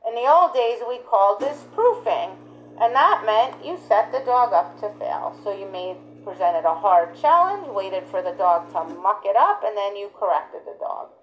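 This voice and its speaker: A woman's voice: moderate pace, slight background noise, rough recording. A middle-aged woman dog trainer teaching a class in a casual, conversational way, often checking in with "right?" and "guess what?", her voice leaping up when she mimics praise. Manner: lively, jumps high for praise. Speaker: dog sports trainer and instructor.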